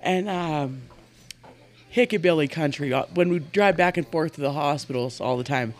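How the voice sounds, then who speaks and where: Brief: earnest, animated woman in her forties from Montana, guest telling stories. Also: sits low, moderate pace. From Montana, USA. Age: 40s. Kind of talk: casual storytelling in an interview.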